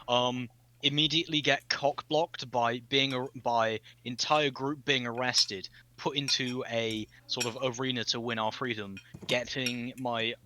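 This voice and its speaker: A man's voice: medium pitch, fairly even intonation, measured pace, background noise. A man who is a tabletop game player, chatting casually and rambling with lots of fillers. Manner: rambling, with many fillers and restarts.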